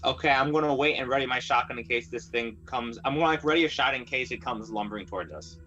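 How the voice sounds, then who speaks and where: A man's voice: medium pitch, fast talker, pushed and bright, dull audio. A man playing a tabletop horror game, talking in a casual, hesitant, stammering way. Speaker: player.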